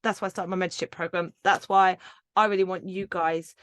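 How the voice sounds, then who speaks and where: A woman's voice: on the low side, fairly even intonation, brisk, a bit bright. A woman hosting her own podcast, talking alone with passion and emphasis, swearing casually and laughing now and then. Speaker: podcast host and yoga teacher mentor. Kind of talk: solo podcast monologue.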